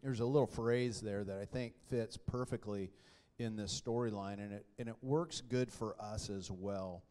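A middle-aged man preaching a sermon in an animated, joking way. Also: lowish voice, moderate pace. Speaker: pastor.

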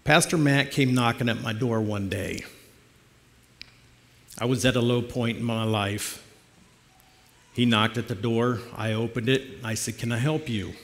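A middle-aged lay preacher filling the pulpit tells his personal testimony in a church sanctuary, plainspoken and conversational like a storyteller. His medium-pitched, slightly bright voice stays fairly even, unhurried, with frequent pauses, and long church reverb fills the recording.

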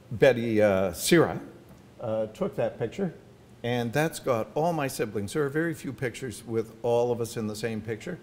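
An older man with a mid-range voice stands at a podium microphone in a university hall, sharing anecdotes about his family as a symposium's featured speaker. He tells his stories warmly, adding asides, and there's slight background noise.

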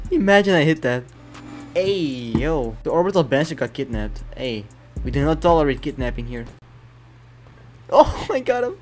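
A man's voice: medium pitch, darkish tone. A young man giving casual, playful commentary over a video game, laughing and bantering as he trolls other players. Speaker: gaming YouTuber. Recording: voice over faint background music.

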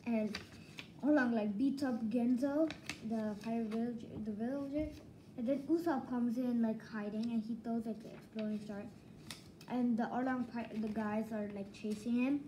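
A woman casually reviewing manga volumes, rambling and excitable, leaning on "like" as filler. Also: a little high, moderate pace, slight background noise, low-quality recording. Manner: rambling, excitable, heavy use of "like".

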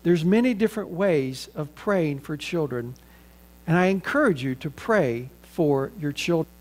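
A man's voice: a little high, lively intonation, measured pace. A middle-aged man with a Southern American accent, an earnest pastor preaching a sermon and leading a prayer.

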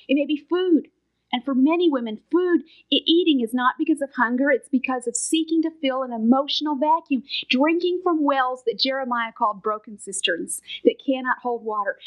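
A middle-aged Bible teacher with a high voice preaches sermon-style, earnest and emphatic, pressing her points firmly and sometimes dropping to a soft whisper for emphasis. The recording quality is low.

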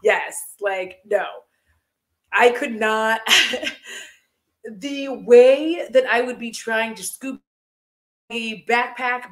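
A young woman rambles through a gossipy home vlog, full of fillers and bursts of giggling. Her voice sits a little high. The room around her is echoey. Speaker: vlogger. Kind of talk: casual chat while decluttering.

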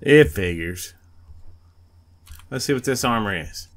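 A man's voice: lowish voice, lively intonation, takes it slowly. A man giving casual, laid-back commentary while playing a video game, thinking aloud. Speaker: let's play gamer.

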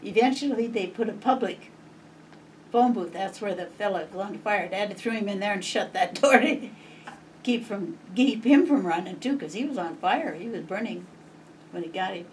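A woman's voice: medium pitch, moderate pace. Older Montana woman reminiscing. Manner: lively, chuckling reminiscence with acted quotes. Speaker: interviewee. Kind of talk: oral history storytelling. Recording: distant mic, faint noise.

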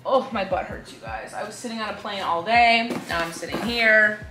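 A woman's voice: mid-range voice, moderate pace. A young woman, a lifestyle influencer, chatting casually while unboxing, gushing and gasping, a little tired. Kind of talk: casual vlog unboxing chat. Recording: roomy sound with loud music behind. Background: background music.

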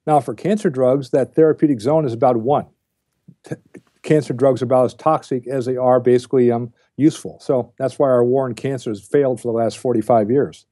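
A man's voice: mid-range voice, steady tone, a little fast, mellow, no room sound, studio quality. An older man speaking as a guest on a podcast interview, lecturing bluntly and with emphasis. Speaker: guest, diet researcher.

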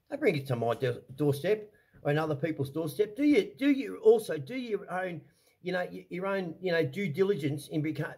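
Angry, husky Australian man ranting. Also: a little high, darkish tone. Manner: swearing, heated, repetitive restarts. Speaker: vlogger.

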